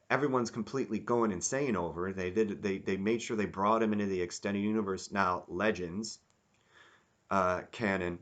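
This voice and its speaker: A man giving a rambling, casual review, animated and acting out quotes in mock voices. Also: fairly low pitch. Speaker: YouTube reviewer.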